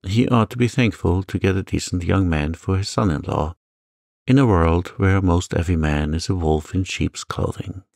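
Man doing a dry plain-spoken old aunt, deep gravelly voice, close dry sound. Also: moderate pace, a little mellow, dry recording. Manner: dry, plain-spoken, grimly matter-of-fact. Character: blunt sharp-tongued elderly country aunt.

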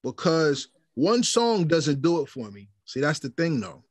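A man's voice: a little high, very animated, unhurried, no echo. A man hosting a podcast interview, talking emphatically and repeating words as he frames his questions. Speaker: podcast host.

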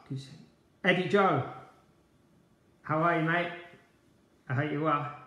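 A man's voice: a little high, slow, pauses often, sharp tone, echoey room. A man hosting a live online quiz night, chatty and upbeat as he greets viewers by name. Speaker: quiz host, former player.

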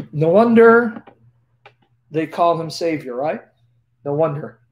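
A man preaching on a live stream, emphatic, with rhetorical questions, swinging from loud declarations to hushed tones. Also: a little high, lively intonation, slow pace.

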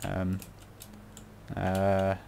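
British guy muttering through a build tutorial, bit low and gravelly, goes off on tangents. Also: monotone, very slow, warm tone, a little hiss or hum. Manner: rambling, self-mocking, muttering to himself. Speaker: game tutorial creator. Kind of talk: casual building tutorial commentary.

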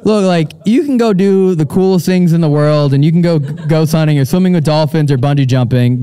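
A man's voice: a little high, smooth, dry recording. A young man hosting a live audience Q&A, talking casually and rambling with frequent fillers and restarts. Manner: relaxed and rambling, many fillers and restarts, laughs often. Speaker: show host. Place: stage at a live audience event.

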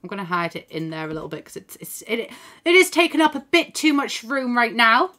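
With a fairly high, bright, forceful voice that is very animated and fairly quick, this woman streamer chats casually as she games. She thinks aloud, reads chat aloud, and swears occasionally, speaking into a desk microphone at her home computer.

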